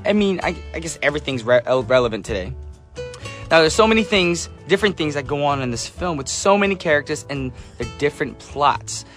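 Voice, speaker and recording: Man, radio dj, casual upbeat chat, easy laughs, soft music under the voice. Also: a little high. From United States. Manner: chatty, upbeat, laughs easily. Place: radio studio. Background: soft background music.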